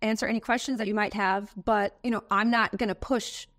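American woman, interviewee, earnest and heartfelt, lively storyteller, mid pitch. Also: brisk, slight background noise. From United States. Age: adult, has a daughter. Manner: earnest, emotional, animated storytelling. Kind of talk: personal testimony interview.

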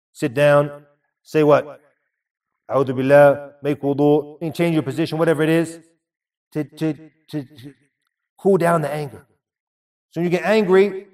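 A man's voice: a little high, darkish tone, distant mic. A man giving a sermon, earnest and repeating phrases for emphasis. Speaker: preacher.

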